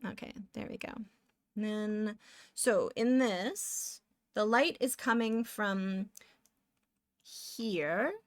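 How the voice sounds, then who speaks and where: A woman's voice: medium pitch, drawn-out words, long pauses. A woman from Canada, chatting casually with viewers while drawing, giggly and talking to herself as she works. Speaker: streamer.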